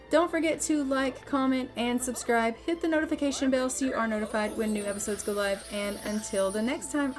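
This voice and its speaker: A woman narrating a life-simulation game in a casual, chatty way, acting out her characters' dialogue. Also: sits high. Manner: casual, chatty, acts out both sides of dialogue. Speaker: gameplay narrator. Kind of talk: let's play commentary voicing characters.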